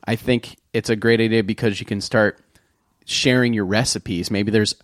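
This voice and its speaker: A man's voice: lowish voice, steady tone, normal speed, no echo, studio quality. A man in his thirties co-hosting a comedy podcast, rambling and riffing with swearing and silly voices. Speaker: podcast co-host. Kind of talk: casual comedic podcast chat.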